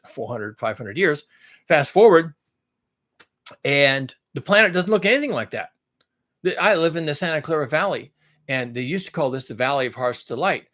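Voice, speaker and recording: A man's voice: mid-range voice, fairly bright tone. A man talking in a rambling, blunt monologue, listing things at length and repeating himself. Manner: blunt, swears now and then. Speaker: vlogger.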